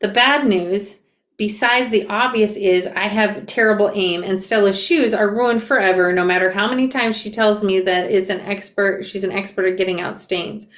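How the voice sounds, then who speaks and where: A young woman reading a memoir aloud and reacting to it, expressive and flustered as she re-enacts the narrator. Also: mid-range voice, moderate pace. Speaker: reader and reaction creator. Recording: echoey room.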